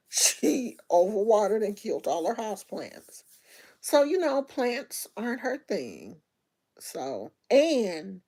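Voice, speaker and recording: A woman's voice: medium pitch, warm tone. A middle-aged woman chatting casually to viewers on a livestream, telling stories in loose slangy speech with lots of restarts. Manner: chatty, storytelling, talks to viewers directly. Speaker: livestream host.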